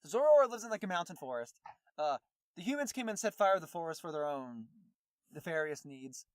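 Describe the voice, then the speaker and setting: A man with a fairly high voice chatting on a podcast, recapping a movie in a rambling way full of fillers and restarts. He is recorded close and dry, with no room sound. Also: lively intonation, fairly quick, no room sound. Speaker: podcast co-host.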